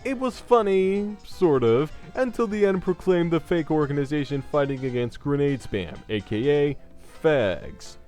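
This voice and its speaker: A man's voice: measured pace, hardly any pauses, faint music behind. A man hosting a scripted video game commentary, talking sarcastically and crudely. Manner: sarcastic and crude, with lively swings in pitch. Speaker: gaming commentary host.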